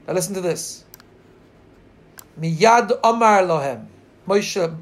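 High-voiced man teaching a Torah class. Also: expressive. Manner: earnest storytelling, slow drawn-out quotes; pauses to share screen and look up text.

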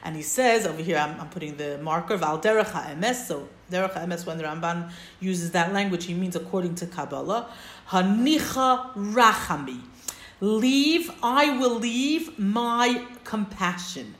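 A woman's voice: fairly low pitch, normal speed, a bit bright. A woman teaching a text-study class, explaining step by step and checking in with her listeners. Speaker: Torah teacher. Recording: roomy echo.

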